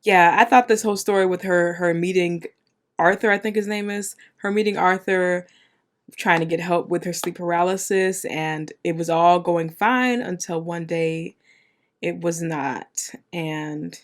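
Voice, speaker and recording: Woman, reaction host, casual commentary, emotional, exclamatory, slangy, lowish voice. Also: fairly even intonation, unhurried.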